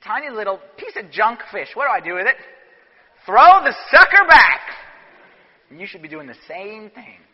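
A man, a priest, preaching a sermon in an animated, emphatic way with sudden bursts. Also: extremely high pitch. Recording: dull echoey church recording.

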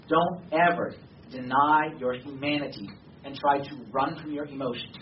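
A man's voice: mid-range voice, steady tone, moderate pace. A man preaching a sermon, talking casually at first and then urging his listeners with rising passion. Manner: conversational, emphatic, rising to passionate exhortation. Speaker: pastor. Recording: distant, echoey, dull sound with faint noise.

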